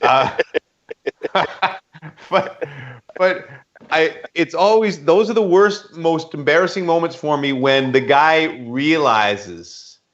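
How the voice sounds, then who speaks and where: A man's voice: fairly high pitch, takes it slowly, fairly bright tone, dull audio. A man co-hosting a casual podcast, telling stories about himself and laughing often. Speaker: podcast co-host.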